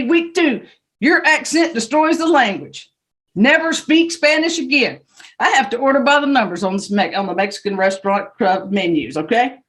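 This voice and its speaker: A woman judge with a Southern US accent giving brisk, stern and joking courtroom instructions over a video call. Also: fairly high pitch, fairly bright tone.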